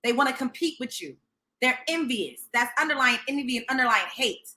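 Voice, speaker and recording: A woman's voice: sits high, lively intonation, a little fast, pushed and bright. A young woman from Brooklyn, hosting a show and telling a story in a blunt, profane, sassy way. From Brooklyn, New York. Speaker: host. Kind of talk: storytelling commentary.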